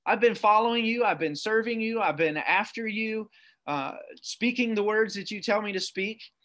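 A preacher puts on a tired prophet pouring out a self-pitying, whining complaint. The voice sits fairly high and pleads in a string of grievances. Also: male voice, moderate pace, fairly bright tone. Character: whining weary male prophet complaining to God.

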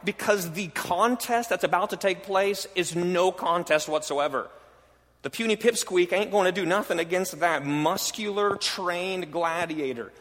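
A man's voice: high-pitched, fairly bright tone. A man preaching a sermon as a pastor, moving from emphatic declarations to casual, conversational asides. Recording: long hall reverb.

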